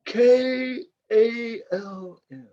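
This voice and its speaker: In an improv comedy bit over a video call, a man plays a flustered older worker at a cracker factory, rambling and stammering with bursts of indignation. His heavily acted voice is extremely high, warm in tone, and stretches out his words. The video call audio is dull and lo-fi.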